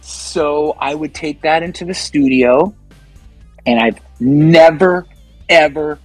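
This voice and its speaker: A man, a guest musician, chatting casually in an interview and telling animated stories in a loose, profane way. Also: a little high, slow pace, no echo, soft background music, poor audio.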